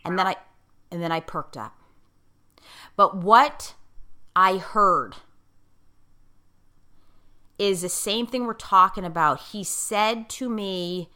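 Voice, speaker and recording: A woman's voice: mid-range voice, takes it slowly, long pauses, sharp tone, clear, resonant tone. A woman life coach in casual conversation, speaking emphatically and repeating key phrases for stress. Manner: self-described outspoken, in-your-face talker.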